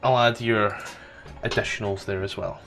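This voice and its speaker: A man's voice: on the low side, normal speed, soft background music. A man running a tabletop game as game master, chatting casually and laughing while sorting out the players' items. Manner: relaxed, laughs often, talks while doing admin.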